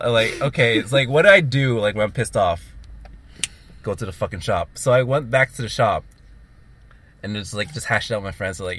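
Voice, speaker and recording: Young man, deep-ish voice, loose rambling storyteller, casual chat with friends. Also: a little fast, long pauses, fairly bright tone, a little hiss or hum. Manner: rambling storytelling, heavy swearing and filler.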